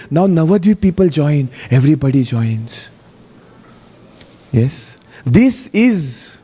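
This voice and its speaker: This man's voice sits a little high with a dark tone as he delivers a storytelling sermon as guest speaker at a temple feast class. Talking in a chatty way, he says "you know" a lot and keeps questioning his listeners. It's recorded in a temple hall with long reverb.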